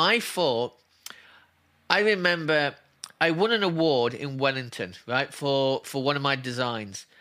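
Earnest man with a bright, forceful voice. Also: fairly high pitch. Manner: earnest, emphatic, repeats himself for stress. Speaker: interview guest, spiritual healer. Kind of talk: emotional personal storytelling.

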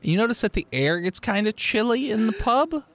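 High-pitched gravelly male game master. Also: very animated, normal speed, fairly bright tone. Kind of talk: narrating a tabletop game.

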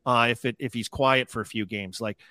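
A man's voice: medium pitch, steady tone, brisk, sharp tone, dry recording. A man, a former hockey player, chatting casually as a podcast guest, laughing as he tells stories.

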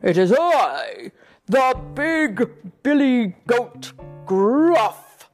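Woman doing a booming fierce billy goat. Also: sing-song, faint music behind, full character voice. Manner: booming, slow boasting threats.

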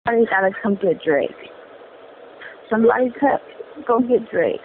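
A woman with a slight speech impediment ranting in an exasperated, animated way during a casual chat. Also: fairly high pitch, normal speed. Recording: tinny phone-like sound with faint noise.

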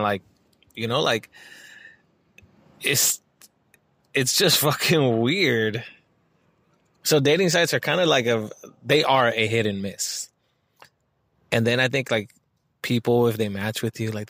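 A man's voice: medium pitch, fairly bright tone, dry recording. A man talking casually in a monologue, swearing often and rambling with lots of filler words.

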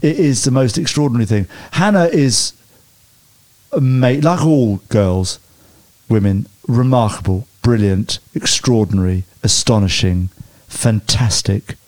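A man telling lively personal stories as an interview guest, often stumbling and restarting mid-sentence. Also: mid-range voice, a little slow. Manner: animated anecdotes with hesitant restarts. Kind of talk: storytelling interview chat.

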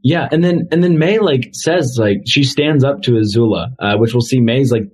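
A man's voice: mid-range voice, normal speed, a little mellow, husky. A man co-hosting a podcast, chatting casually through a recap with lots of fillers. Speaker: podcast co-host.

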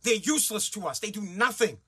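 A man with a very high, sharp and forceful voice tears through a profane political rant. He is blunt and crude, swearing constantly as his anger builds. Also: expressive, brisk, husky. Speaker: commentator.

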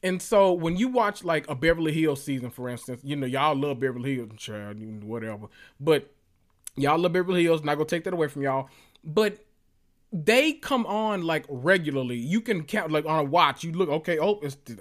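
Sassy, animated man hosting a podcast. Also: on the high side. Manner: animated, profane, sassy, drawn-out emphasis. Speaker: podcast host. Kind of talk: casual solo podcast chat.

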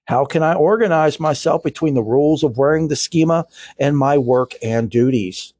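A man's voice: fairly high pitch, normal speed, darkish tone, slightly rough, dry recording. A troubled elderly nun speaks her pleas in a lightly lifted voice, as a man reads her lines aloud. The sound is dry and close, with no room around it. Her words come out earnest and imploring. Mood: reproachful. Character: distressed elderly woman nun, pleading.

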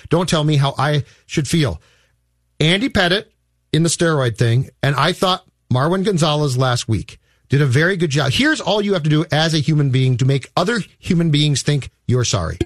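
Exasperated man ranting on sports radio, with a high voice that swings widely in pitch. He hammers his points and acts out other people's lines. The studio sound is dry and close. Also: lively intonation, normal speed, dry recording. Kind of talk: sports talk radio banter.

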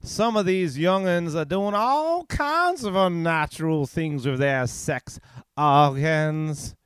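A man puts on an old Southern American preacher, high-pitched and drawling, ranting pious outrage about young folks' sins. The voice rises well above his own and stretches slowly over the words. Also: lively intonation, a bit bright, smooth, dry recording, studio quality. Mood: preachy.

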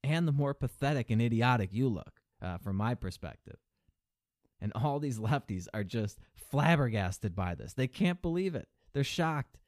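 A man's voice: darkish tone, no echo, clean studio sound. A man hosting a podcast, delivering a sneering, profane political rant and mocking his opponents. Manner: mimics opponents in a higher mocking voice. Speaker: podcast host. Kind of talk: political commentary monologue.

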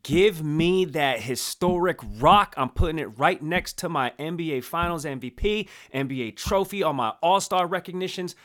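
A man co-hosting a casual sports talk show, telling stories in a playful, animated way. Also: a little high, normal speed, few pauses. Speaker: co-host.

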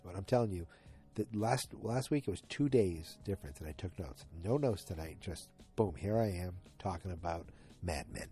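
This man has a low, mellow voice that stays animated at a normal speed, with faint music behind him. He's a podcast host at home in front of the TV, sleepy and yawning as he chats his way through an episode recap, wandering off into asides.

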